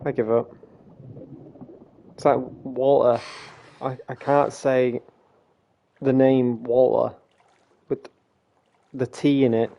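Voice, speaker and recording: A man's voice: mid-range voice, level tone, slow pace, pauses often, muffled recording. A young man streaming a game, rambling casually with self-deprecating laughs. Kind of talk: casual live gameplay chat.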